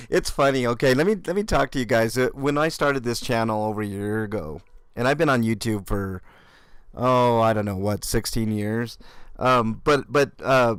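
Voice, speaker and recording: Male host, mocking and profane, dry close sound, mid pitch. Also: normal speed, clear, resonant tone, no room sound. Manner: sarcastic, mocking, swears freely. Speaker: YouTube channel host reacting to police video. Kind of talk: casual commentary reaction.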